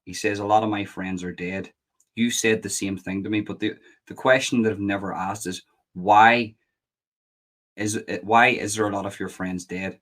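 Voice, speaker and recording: A man's voice: on the low side, fairly even intonation, normal speed, a bit bright. A man hosting a casual interview, asking curious questions with some stammering restarts. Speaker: interview host.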